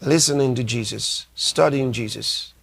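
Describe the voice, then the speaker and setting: A man's voice: mid-range voice, creaky, fairly bright tone, husky. A man preaching a sermon as a pastor, delivering emphatic lines, repeating key phrases and reading scripture aloud. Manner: reads scripture aloud slowly.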